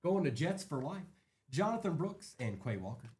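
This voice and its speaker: A man's voice: on the high side, big pitch swings, moderate pace, darkish tone. A man hosting a live card break, chatting casually and rattling off names as he opens packs.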